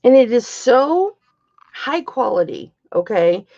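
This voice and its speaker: A woman's voice: on the high side, sing-song, takes it slowly, dark tone, muffled recording. A middle-aged woman hosting a live-stream jewelry auction, chatty and bawdy, greeting viewers by name.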